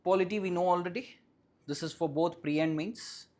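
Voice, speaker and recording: In a classroom full of students, a teacher with an Indian English accent delivers a live lecture in a warm, mid-range voice. She keeps quizzing the class and checking that everyone understands, repeating key points slowly and firmly.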